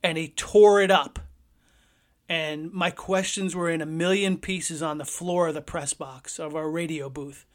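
Man, podcast host, slightly high voice, animated storytelling, conversational. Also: measured pace.

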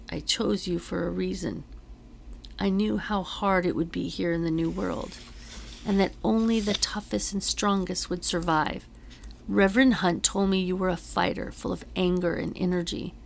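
A woman reading the lines of a gravely wounded colonial captain in a weak, halting, low delivery. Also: slight background noise.

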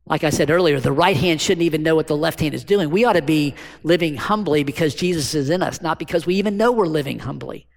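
Here the preacher's voice is on the high side, fast and creaky, with few pauses. He talks to his congregation conversationally as their pastor, asking rhetorical questions, and the sound echoes with a long hall reverb.

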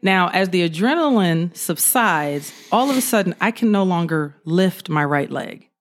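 A woman's voice: on the low side, normal speed. A woman, a former police officer telling stories in a casual interview and acting out the quotes. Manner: animated storyteller, acts out quotes.

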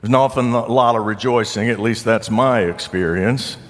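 Measured male preacher in a reverberant church. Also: mid-range voice. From southern United States. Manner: measured, with slowed phrases and pauses. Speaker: pastor. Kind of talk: sermon. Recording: long reverb of a sanctuary.

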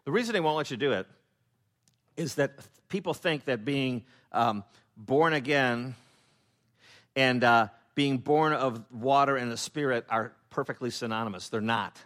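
A man preaching in a relaxed, off-the-cuff way, with lots of fillers and restarts. He jokes as he goes and slips into character voices for the people he quotes. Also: medium pitch, unhurried. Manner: humorous, acts out quoted voices; loose, with many fillers and restarts. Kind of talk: conversational Bible teaching.

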